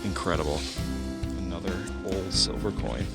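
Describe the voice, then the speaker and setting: A man's voice: sits low, moderate pace, creaky. A man hosting an outdoor metal detecting vlog on a lake beach, explaining his finds with enthusiasm. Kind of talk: casual outdoor vlog narration. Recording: background music under the voice.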